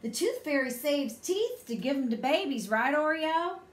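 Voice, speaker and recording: Woman doing a calm, ornery farm boy. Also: high voice, normal speed, slight background noise. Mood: smug. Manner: calm, matter-of-fact. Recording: echoey room.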